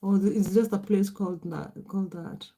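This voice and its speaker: A woman's voice: medium pitch, steady tone, fairly quick, warm tone. A middle-aged Kenyan woman whose first language is Swahili, hosting a casual livestream, chatting, laughing often and answering viewer comments aloud. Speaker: livestream host.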